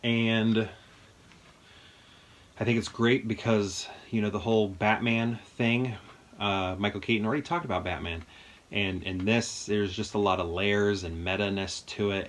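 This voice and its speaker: A man's voice: fairly low pitch, normal speed, a bit bright. A man in a home movie room, chatting casually and enthusiastically, thinking aloud as he rambles through his collection. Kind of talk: casual chat.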